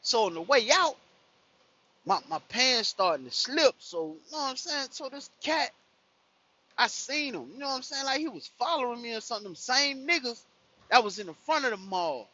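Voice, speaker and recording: A man's voice: very high-pitched, lively intonation, normal speed, pushed and bright, dull audio. A young man telling a profane story in casual chat from his car, full of "you know what I'm saying". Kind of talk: casual storytelling while driving.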